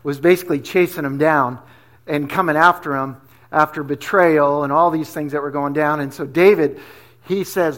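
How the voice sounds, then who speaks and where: A man's voice: fairly high pitch, fairly even intonation, normal speed, a bit bright. A male pastor giving a sermon in a casual, conversational way, dropping slang asides as he teaches.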